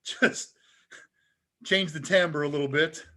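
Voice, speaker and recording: A man hosting a live tech Q&A, talking casually and chuckling as he demonstrates software. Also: a little high, slow. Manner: casual and upbeat, chuckles often. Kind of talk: live demo talk.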